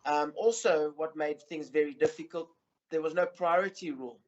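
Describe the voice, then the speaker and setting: A middle-aged man talks casually as an interview guest, with a voice a little higher than most men's. He rambles, full of ums and restarts. The sound is muffled and lo-fi. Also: steady tone, moderate pace. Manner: rambling with many fillers and restarts. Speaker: interview guest, surf head coach. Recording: muffled lo-fi recording.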